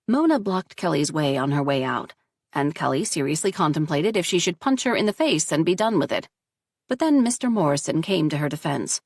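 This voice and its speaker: A woman reading a story aloud in steady, measured audiobook narration. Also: low voice, no echo, clean studio sound.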